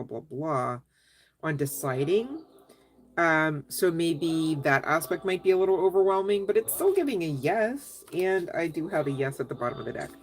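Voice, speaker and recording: A woman doing a casual live tarot reading, chatty and giggly, speaking straight to her viewers. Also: deep voice. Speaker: tarot reader answering live chat.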